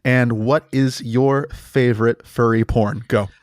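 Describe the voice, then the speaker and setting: A man's voice: medium pitch, steady tone, slow pace, no echo, studio quality. A man hosting an absurd comedy podcast, talking in a hyped, rambling way full of nonsense wordplay. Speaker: podcast host.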